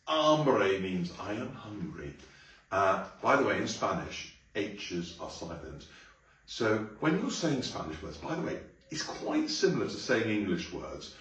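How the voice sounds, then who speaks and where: A man teaching a song to a class, explaining casually and bursting into loud sung phrases. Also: low-pitched. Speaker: music teacher. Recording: echoey room, mic at a distance.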